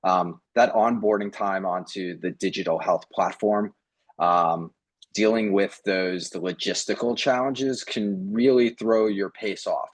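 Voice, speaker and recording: A man's voice: low-pitched, no echo. A man who works as a physician, speaking as a panelist and explaining points in a thoughtful way. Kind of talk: panel discussion.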